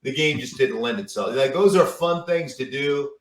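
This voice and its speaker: A man's voice: medium pitch, lively intonation, moderate pace. A middle-aged man, a football analyst and guest, telling stories in casual chat, rambling with repeated words and fillers. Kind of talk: casual storytelling interview. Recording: roomy, distant mic.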